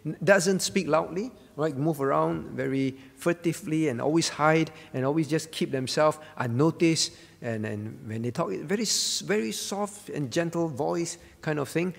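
A man's voice: fairly high pitch, normal speed, vocal fry, few pauses, long reverb tail. A male pastor preaching a sermon at a prayer meeting, earnest, teaching with rhetorical questions and fillers. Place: church.

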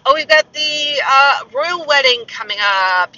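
A man's voice: extremely high pitch, animated, a little slow, sharp tone. A man who works as a castle tour guide, chatting in a rambling, self-mocking vlog style. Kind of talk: casual vlog chat. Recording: muffled, slightly distant mic.

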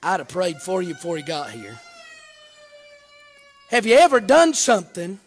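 A Baptist preacher, delivering a sermon that swings between hushed talk and shouted, chanting preaching. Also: male voice, high-pitched, sing-song, normal speed, long reverb tail, a little hiss or hum.

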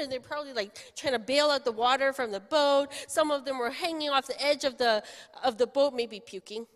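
A woman pastor giving a children's sermon, telling a story in an animated way and asking the children questions. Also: sits high, brisk. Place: church sanctuary. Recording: long church reverb.

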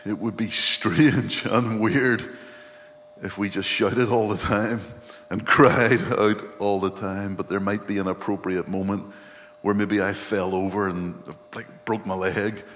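A man's voice: on the low side, level tone, unhurried, a bit bright. A male pastor giving an earnest, reflective sermon and often quoting scripture. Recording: long hall reverb, faint hum.

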